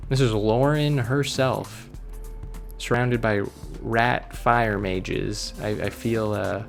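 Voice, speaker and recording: A man's voice: mid-range voice, slow, gravelly. A man casually commenting on a video game he is playing, reading the on-screen text aloud and cracking jokes. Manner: playful, jokey, reads game text aloud. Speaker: let's play host. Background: faint game music.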